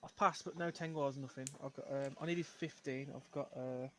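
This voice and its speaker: A man playing a tabletop game, talking through his dice rolls in a halting way. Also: medium pitch, steady tone, sharp tone, slight background noise. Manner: halting, filler-heavy. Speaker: player. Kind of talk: casual tabletop play.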